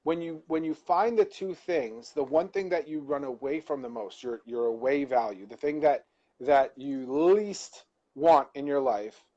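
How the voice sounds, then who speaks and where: A man's voice: mid-range voice, measured pace, a little mellow, lo-fi sound. A man co-hosting a live-stream talk, reflecting on a personal insight and searching for words as he goes. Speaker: co-host.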